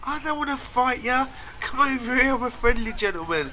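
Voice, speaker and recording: A man's voice: animated, brisk, sharp tone, slight background noise, heavily acted. A man voicing a sly male bull terrier who sweetly coaxes other dogs. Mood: coaxing. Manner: sweet, coaxing, falsetto-like.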